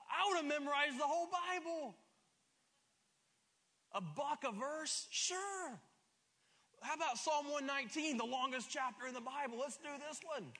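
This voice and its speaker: A middle-aged man preaching a sermon, emphatic and stumbling over repeated words, swinging between loud and soft. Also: extremely high pitch. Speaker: pastor. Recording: long hall reverb.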